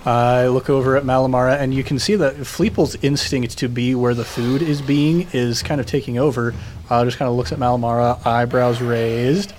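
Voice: mid-range voice, steady tone, moderate pace, a little mellow, slight background noise. A player in a tabletop game, chatty and weighing choices aloud.

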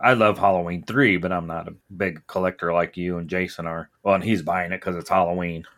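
A man with a fairly low voice co-hosts a casual podcast. He talks in an offhand manner and often leaves his sentences unfinished. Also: fairly even intonation, fairly quick, a bit bright. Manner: offhand, trails off mid-sentence. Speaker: podcast co-host.

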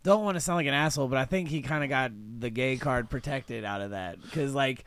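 A man's voice: medium pitch, a little fast, a bit bright, smooth, no echo. A man co-hosting a podcast, chatting casually with crude, gossipy banter. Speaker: podcast co-host. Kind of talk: casual chat.

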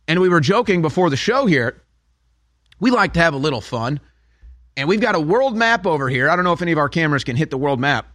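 A man's voice: sits high, fairly bright tone, no room sound. A man hosting a talk radio show, delivering a sarcastic, heated opinion monologue in a studio.

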